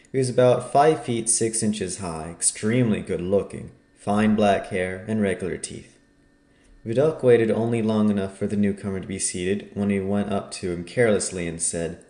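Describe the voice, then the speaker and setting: Low-voiced male audiobook narrator. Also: mellow, reverberant. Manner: measured storytelling. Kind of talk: scripted narration.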